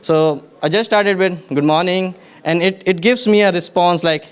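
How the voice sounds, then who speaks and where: Smooth-voiced man giving a tech talk. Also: high-pitched, moderate pace. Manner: frequent restarts and repeated words, explaining step by step. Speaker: conference speaker. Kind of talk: technical conference talk. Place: conference venue.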